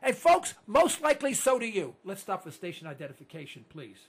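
A man's voice: high-pitched, big pitch swings, fairly quick, vocal fry, breathy edge. An older man hosting a talk radio show, ranting and repeating himself as he hollers at listeners.

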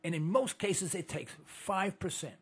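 A man's voice: high-pitched, unhurried, slightly rough. A man giving an indignant, rambling monologue as a host, often restarting his sentences. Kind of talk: monologue to listeners.

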